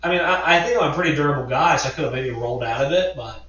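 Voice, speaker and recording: A man in his thirties, slightly high-pitched for a man, sits back from the mic in a very echoey room. He tells a long story in a loose, rambling way, throwing in the odd curse word, and the sound is dull and lo-fi. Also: racing, distant mic. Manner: animated, rambling storyteller who swears. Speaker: podcast co-host. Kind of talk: casual chat.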